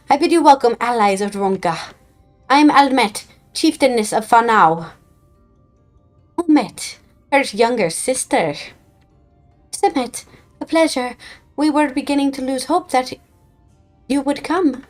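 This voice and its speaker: A woman's voice: high-pitched, expressive, soft background music, voice pushed up. Woman doing a stately forest chieftainess. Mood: gracious. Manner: formal, measured delivery in a put-on accent. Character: stately female forest chieftainess, formal and gracious. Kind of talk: reading game dialogue aloud in character.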